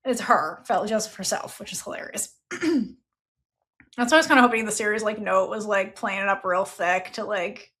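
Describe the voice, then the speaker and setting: A woman hosting a casual book review podcast, chatty and expressive, swearing freely as she talks. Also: medium pitch, normal speed. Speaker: book club podcast host.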